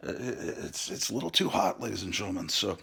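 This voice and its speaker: A middle-aged man rambling through a casual home tour vlog with halting restarts, addressing viewers as ladies and gentlemen. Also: low-pitched, big pitch swings, vocal fry, husky. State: out of breath. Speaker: collector giving a home tour. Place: house interior.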